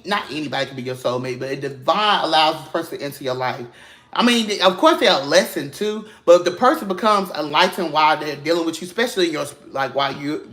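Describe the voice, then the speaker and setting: A man with a fairly bright, high-leaning voice reads tarot for his viewers in a casual, spiritual way. He preaches emphatically and encouragingly, swearing freely and calling them "baby" and "y'all."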